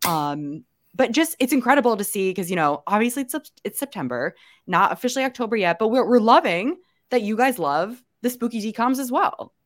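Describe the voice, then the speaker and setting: A young woman co-hosting a podcast, raspy from a cold, chatting quickly and saying "like" a lot. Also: a little high, very animated. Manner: chatty, quick, says "like" often. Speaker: podcast co-host. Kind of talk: casual podcast chat.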